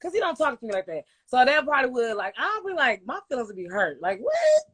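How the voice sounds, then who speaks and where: A woman with a high, very lively voice chats as a podcast guest. She is expressive, swinging up and down as she makes her point. Her talk is casual and full of quick asides. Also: breathy edge.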